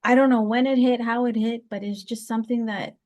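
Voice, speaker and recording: A woman interview guest telling a personal story in conversation, heartfelt, often stopping to restart and repeat words. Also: a little fast. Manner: heartfelt, lively pitch swings.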